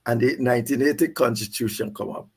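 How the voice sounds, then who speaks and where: Gravelly older Guyanese man telling stories. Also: mid-range voice, fast. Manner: animated, repeats words, laughs mid-sentence. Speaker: guest. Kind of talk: storytelling recollection.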